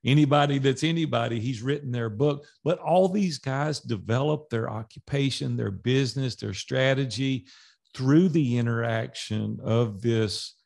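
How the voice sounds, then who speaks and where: Man, middle-aged, gravelly voice, podcast guest, lively storyteller, voices the people in his story. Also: mid-range voice, normal speed. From Nashville, Tennessee. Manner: animated storyteller acting out dialogue. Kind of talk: storytelling in a casual interview.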